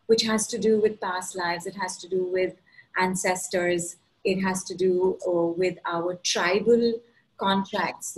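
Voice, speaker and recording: A woman's voice: mid-range voice, poor audio. Woman chanting rhythmic, repeated commands. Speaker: host and energy healing coach. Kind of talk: guided clearing session on a group call. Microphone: online group call.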